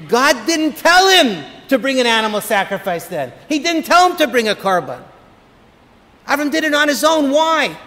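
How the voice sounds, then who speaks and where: A man, a rabbi, giving an inspirational holiday talk full of lively, humorous stories. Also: very high voice. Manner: animated, humorous storyteller. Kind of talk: motivational holiday talk with storytelling. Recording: long reverb of a hall.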